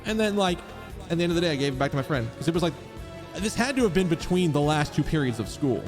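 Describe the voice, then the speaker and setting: A man's voice: fairly high pitch, expressive, fast, music in the background. A man streaming a game, telling a rambling, profane story in a casual way. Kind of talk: casual storytelling while gaming.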